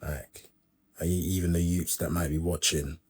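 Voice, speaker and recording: A man's voice: low voice, flat delivery, moderate pace, darkish tone, breathy edge. A man hosting a podcast interview, mostly giving short agreements and asking loose, casual questions. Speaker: podcast host.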